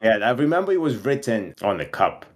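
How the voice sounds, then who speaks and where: A young man who is a guest on a podcast, telling lively anecdotes in a casual chat and laughing through them. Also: medium pitch, a little fast. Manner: animated storyteller, laughs through his anecdotes. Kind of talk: casual storytelling.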